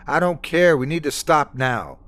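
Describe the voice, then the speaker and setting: A man's voice: mid-range voice, big pitch swings, moderate pace, fairly bright tone. A man voicing a frightened young woman driver who snaps and grows exasperated. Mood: panicked. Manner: exasperated, snapping.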